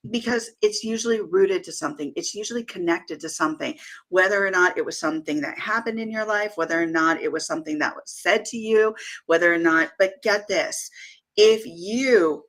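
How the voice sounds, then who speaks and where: Woman, podcast co-host, lowish pitch, emphatic, coaching tone. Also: moderate pace, fairly bright tone. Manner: emphatic, coaching tone, repeats key phrases. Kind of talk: casual conversational discussion.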